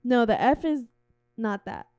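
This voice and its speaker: A woman with a fairly high, mellow voice chats on a comedy podcast. She tosses in relaxed, offhand one-liners, recorded dry and close. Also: a little slow, no echo. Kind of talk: casual comedy chat.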